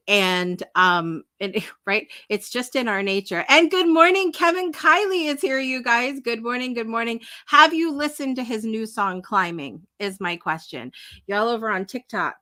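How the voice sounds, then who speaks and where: A woman hosts a live morning talk show in a loose, rambling way, full of fillers and quick laughs. Her voice is bright and forward. The sound is dry and close, with no room in it. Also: medium pitch, no room sound. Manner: chatty and rambling, with frequent fillers and asides; bubbly and emotional, laughing often. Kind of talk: casual live-stream chat.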